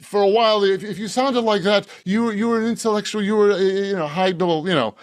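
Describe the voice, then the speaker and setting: A man's voice: high voice, fast, no echo, studio quality. A man, an author from Boston, talking in a casual podcast interview, rambling with many restarts and frequent laughs. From Boston, Massachusetts. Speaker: author guest.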